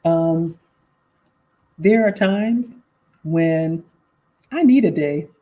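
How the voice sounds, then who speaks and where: A woman's voice: low-pitched, very slow, warm tone, rough recording. A woman in her forties hosting a casual live Q&A, reading viewer comments aloud and answering them conversationally. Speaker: livestream host and life coach.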